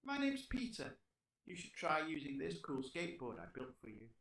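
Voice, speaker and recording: A synthetic man playing a friendly young male game character with an English accent greets the gamer. His voice is gravelly and lively in pitch. It is played back and heard from a distance. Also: moderate pace, slight background noise, heavily acted.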